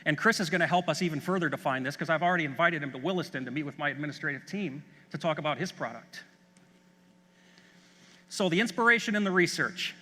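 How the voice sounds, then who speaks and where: High, bright-voiced man in a reverberant hall. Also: lively intonation, quick pace. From Chicago, USA. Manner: enthusiastic anecdotal storytelling. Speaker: school superintendent. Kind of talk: conference keynote talk. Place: large conference hall.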